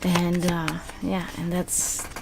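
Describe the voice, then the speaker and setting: A woman's voice: on the low side, little pitch movement, slow pace, vocal fry, background noise. A woman streamer chatting casually with her viewers, rambling with many fillers and restarts.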